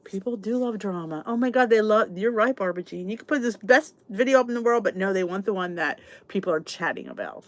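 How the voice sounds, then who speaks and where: A woman's voice: medium pitch, lively intonation, fast, few pauses, no echo. A middle-aged American woman hosting a casual live chat, answering viewers' comments in a chatty, exasperated way with lots of restarts. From United States. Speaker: channel host.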